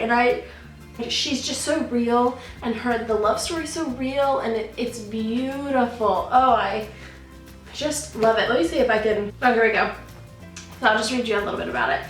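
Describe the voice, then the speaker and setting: A woman's voice: on the high side, moderate pace. A young woman vlogging in a casual, gushing, rambling way, often correcting herself. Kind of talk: casual chat. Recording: roomy echo, mic at a distance, faint music.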